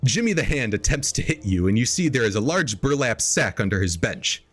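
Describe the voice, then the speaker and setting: Man, podcast host, comic story reading, exaggerated character lines, animated pitch, soft background music. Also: brisk, breathy edge. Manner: reads quoted lines in exaggerated higher voices, laughing at the text. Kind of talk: comedic dramatic reading. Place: home streaming setup.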